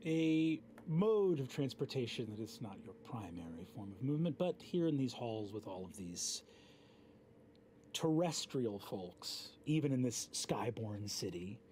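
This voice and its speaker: A man narrating as game master in a relaxed, descriptive way. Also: mid-range voice, measured pace, slight background noise.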